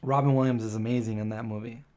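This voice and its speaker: A man's voice: mid-range voice, steady tone, quick pace, darkish tone. A man hosting a live stream, chatting casually with viewers and correcting himself as he goes with plenty of ums. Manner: chatty, rambling, lots of um and self-correction.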